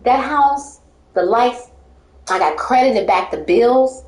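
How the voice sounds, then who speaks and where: A woman's voice: fairly high pitch, expressive, takes it slowly, a little mellow, reverberant. A woman telling her life story in casual talk, rambling and emphatic, often breaking into laughter.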